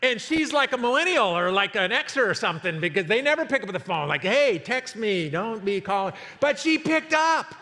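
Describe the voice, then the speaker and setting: A man in his sixties preaching a sermon as pastor, telling a story in an animated way and acting out the quotes. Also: high-pitched, brisk, few pauses. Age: 60s. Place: church sanctuary. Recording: long hall reverb, faint noise.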